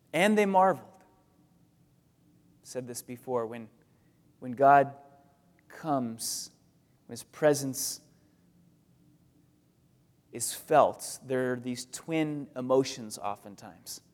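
A man's voice: medium pitch, darkish tone. A man preaching an expository sermon to his congregation in a conversational way, repeating phrases for emphasis. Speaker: pastor. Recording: long reverb of a large hall.

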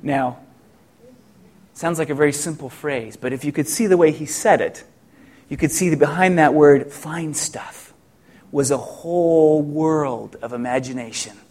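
Man preaching, slightly high voice. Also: normal speed, darkish tone. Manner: reflective, rhetorical questions, many restarts. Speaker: pastor. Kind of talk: sermon.

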